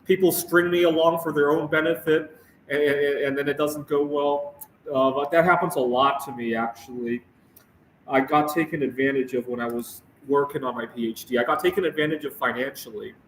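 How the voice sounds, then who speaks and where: A young man rants on his own show with a slightly high voice. He stammers, repeats himself and keeps checking in with "right?". He sounds set back from the mic in a bare, echoey room with a faint hum behind him. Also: steady tone, recorded from a distance. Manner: halting, repeats words, asks "right?" often. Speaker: show host. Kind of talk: casual rant to camera. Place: Phoenix area, United States.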